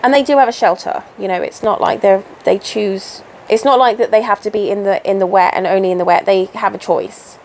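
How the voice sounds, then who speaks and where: A woman in her thirties hosting a relaxed stitch-along chat at home, rambling and interrupting herself as she works. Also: medium pitch, brisk, hardly any pauses, slight background noise. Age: 30s. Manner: chatty, rambling, self-interrupting. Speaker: crafting channel host. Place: home, indoors.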